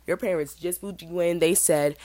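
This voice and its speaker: A woman's voice: normal speed, no echo. Chatty young woman telling stories. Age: 20s. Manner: chatty, animated, mimics other people in high voices. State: feeling sick, burping. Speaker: podcast host. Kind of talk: casual storytelling monologue.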